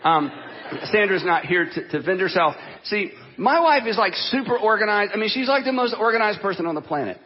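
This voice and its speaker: A high, slightly husky male pastor preaches in an animated, conversational way and acts out the quotes as he goes. The sound is dull and lo-fi, with a long hall reverb behind it. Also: a little fast. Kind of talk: sermon.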